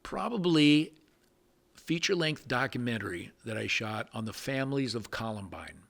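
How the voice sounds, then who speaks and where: An older man, a veteran cameraman, telling stories in an interview with lively sound effects and frequent restarts. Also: mid-range voice, moderate pace, vocal fry. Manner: animated anecdotes with sound effects, many restarts. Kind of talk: storytelling interview.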